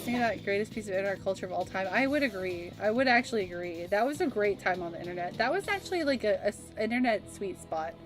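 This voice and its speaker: A woman in her thirties chats casually while streaming a game, reminiscing and laughing easily. Her voice sits at a middling pitch. Game music plays clearly beneath her. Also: lively intonation, fast, few pauses. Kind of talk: casual gaming stream chat.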